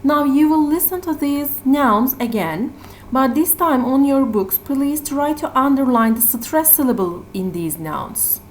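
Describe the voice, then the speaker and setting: A woman teacher with a Turkish accent who explains English vocabulary slowly, repeating each word and stressing its syllables. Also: sits high, animated, a little hiss or hum. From Turkey. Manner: slow and repetitive, stressing syllables. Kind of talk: classroom vocabulary lesson.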